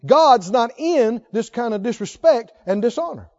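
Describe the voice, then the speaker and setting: A male pastor preaching with a very high, lively voice that rises and falls widely. He keeps asking his listeners questions. The recording is dull and lo-fi. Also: normal speed. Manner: emphatic, asks the congregation questions. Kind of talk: sermon.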